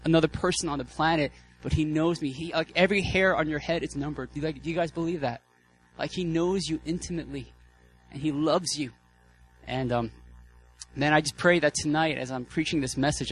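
Male guest preacher, slightly high voice, breathless and fired up, chatty sermon delivery, soft music underneath. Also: low-quality recording. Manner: casual, excitable, lots of fillers and restarts.

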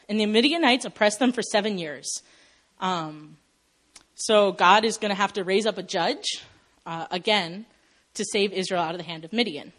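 A young adult woman preaches a sermon in an animated storytelling manner. She acts out the quoted lines and laughs at herself from time to time. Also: medium pitch.

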